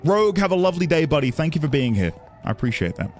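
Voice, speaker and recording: A man talks casually to his stream audience while he plays, with a lively voice that rises and falls a lot. Quiet music plays underneath him. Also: fairly high pitch, fast talker. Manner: reflective, chatty, thanking viewers. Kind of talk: casual gameplay commentary.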